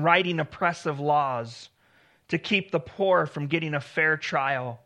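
A man delivers a sermon in a high, bright voice. He preaches earnestly and leans on repeated phrases for emphasis. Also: a little slow. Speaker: pastor.

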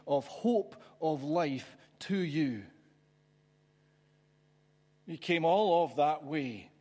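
Guy giving a sermon, kinda high voice, talky and thoughtful, big echoey church hall. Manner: reflective, conversational preaching with emphatic pauses. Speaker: preacher. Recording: church hall with long reverb.

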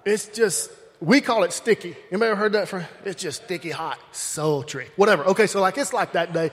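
A man's voice: sits high, a little fast, fairly bright tone. A man with a Southern accent from Alabama, preaching with folksy humorous stories and talking straight to the crowd. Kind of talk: humorous storytelling sermon. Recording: long hall reverb.

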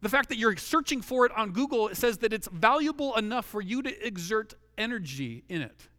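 A middle-aged man preaching a sermon, earnest and repetitive, dropping low and slow to stress his key phrases. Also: lively intonation, sharp tone, dry recording. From Washington state. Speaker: pastor.

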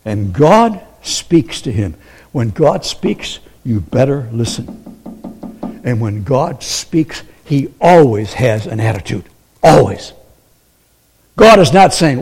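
Animated preaching man. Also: medium pitch, slow, slight background noise. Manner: animated preaching, acts out quoted voices, asks the congregation questions. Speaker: pastor. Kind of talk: sermon.

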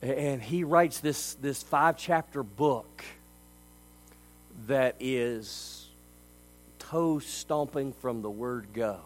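A man preaching a sermon as a pastor. He delivers it emphatically, swinging between quiet stretches and loud ones. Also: mid-range voice, slow pace, rough recording.

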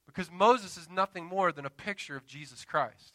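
A man in his thirties preaching a sermon with passion, dramatic pauses and call-and-response asides to the congregation. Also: high voice, animated, sharp tone, no room sound. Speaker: pastor. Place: church.

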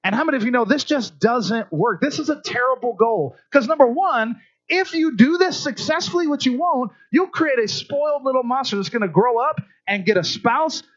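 A man preaching a sermon, telling lively stories and acting out voices. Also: very high-pitched, normal speed, dull audio. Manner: animated storytelling, acts out voices. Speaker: pastor.

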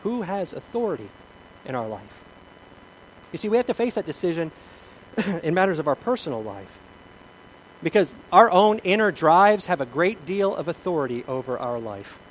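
A man's voice: a little high, sing-song, moderate pace, pauses often, slight background noise, poor audio. A male pastor preaching a sermon in a church, emphatic and storytelling, repeating his key questions. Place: church sanctuary.

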